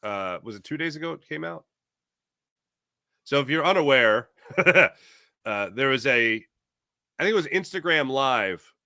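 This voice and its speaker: Lively sports host, bright forceful voice, dry close sound, jokey chat reader. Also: male voice, medium pitch, unhurried, long pauses, no echo. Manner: animated, jokey, reads live chat aloud. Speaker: podcast host. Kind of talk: casual sports talk show with ad read.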